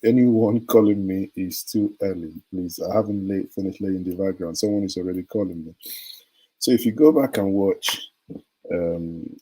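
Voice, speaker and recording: A man's voice: deep voice, moderate pace, warm tone, breathy edge, low-quality recording. A middle-aged Nigerian man with a Nigerian accent hosting a live-stream chat, reading viewer comments, laughing often and wandering into stories. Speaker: live show host.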